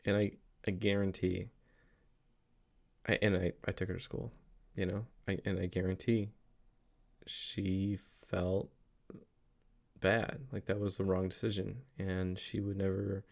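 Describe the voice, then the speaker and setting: A young father records a casual, reflective daily vlog addressed to his kids, rambling earnestly with lots of fillers and restarts. His voice is low-pitched and somewhat creaky with a darkish tone, and he speaks a little slowly in a flat way.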